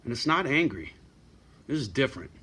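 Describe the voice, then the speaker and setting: A man's voice: mid-range voice, sing-song, a little fast, bright, forceful tone, slightly rough. A middle-aged man ranting bluntly to his viewers in a profane, surly home vlog. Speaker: vlogger. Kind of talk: profane rant to camera.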